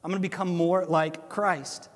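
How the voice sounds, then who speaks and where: A man with an Ohio accent, preaching a sermon as pastor, animated and conversational with asides to listeners. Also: high-pitched, normal speed. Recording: long hall reverb.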